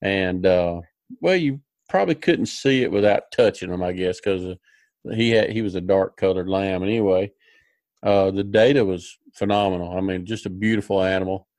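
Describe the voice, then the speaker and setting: A man's voice: low-pitched, moderate pace, a little mellow, no room sound. A man hosting a podcast, telling a rambling, folksy story with many fillers and restarts. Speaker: podcast host. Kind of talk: casual storytelling chat.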